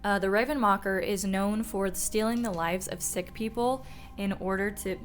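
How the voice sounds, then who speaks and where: A woman's voice: mid-range voice, steady tone, normal speed, slight background noise, poor audio. A young woman telling folklore on her vlog in a loose, profane, self-mocking way. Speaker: folklore vlogger. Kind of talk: casual storytelling vlog.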